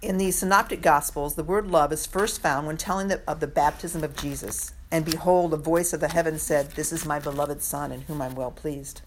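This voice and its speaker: Lowish woman voice, earnest bible study talk, bit of hiss in the back. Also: steady tone, moderate pace, few pauses. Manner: earnest, reflective, dramatizes scripture quotes. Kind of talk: women's Bible study lesson.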